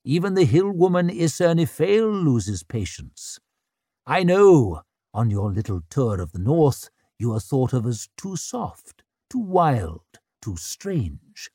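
A man voicing a proud, impatient old male wizard who speaks slowly and sternly. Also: mid-range voice, sing-song, warm tone, slightly rough, no room sound, studio quality, voice pushed up, exaggerated voice. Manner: slow, stern, weighty.

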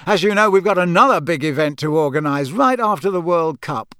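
Man playing officious young bureaucrat, self-important, raised pitch, dry close sound. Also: animated, a little fast, fairly bright tone, smooth, dry recording. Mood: pompous. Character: pompous young male ministry official.

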